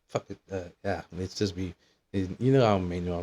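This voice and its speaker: A man's voice: deep voice, fairly even intonation, moderate pace, dark tone, slightly rough. A man in his thirties telling a meandering, profanity-laden story in a casual monologue. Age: 30s. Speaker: vlogger.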